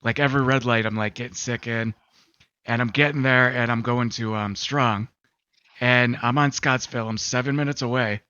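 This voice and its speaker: A medium-pitched male voice, fairly even and moderately paced, with a sharp, clean tone on a dry recording. The man co-hosts a gaming talk show podcast, rambling through casual chat and stories with many fillers and performed quotes. The sound is slightly dull, and faint music is audible.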